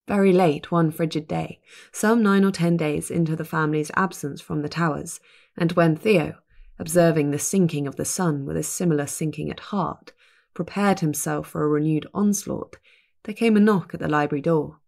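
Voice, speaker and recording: Low, gravelly woman narrating. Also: fairly even intonation, normal speed, darkish tone. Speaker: audiobook narrator. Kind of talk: scripted narration.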